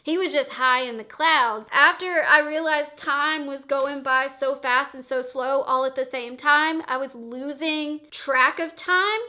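A young woman tells a wild story straight to camera, swearing freely and acting out every beat. Her voice sits high and bright. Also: measured pace, hardly any pauses. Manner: animated, profane, dramatic retelling. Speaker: vlogger. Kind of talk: casual storytime vlog.

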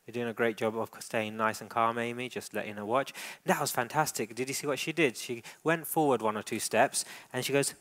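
A man's voice: medium pitch, fairly even intonation, a little fast, hardly any pauses, fairly bright tone. Encouraging man coaching a dog demonstration. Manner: encouraging, coaching with frequent praise. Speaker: dog trainer. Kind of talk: live training demonstration.

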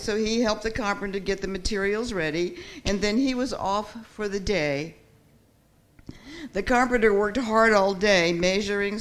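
A woman pastor telling a story during a church talk, with an expressive, lively delivery. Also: mid-range voice.

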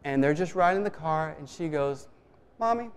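A man's voice: fairly high pitch, moderate pace, smooth. Man telling a sermon story in a church. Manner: storytelling, conversational, with many restarts. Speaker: preacher. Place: church sanctuary. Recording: long reverb of a church hall.

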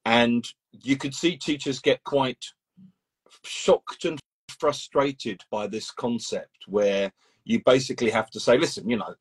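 Male host of a casual live interview, husky voice, loose rambling delivery with restarts. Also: medium pitch, slow, low-quality recording. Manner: rambling, with many restarts and acted examples.

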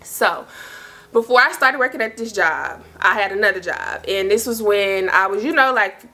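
Bright-voiced fast-chatting young woman. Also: mid-range voice, expressive. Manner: chatty, slangy, talks fast and loops back with asides. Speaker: storytime vlogger. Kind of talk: casual storytelling to camera.

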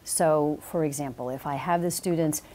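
A woman guest in a TV studio, a professor explaining her teaching with calm confidence. Her voice is low for a woman, with a mellow, warm tone. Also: normal speed. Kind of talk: TV interview.

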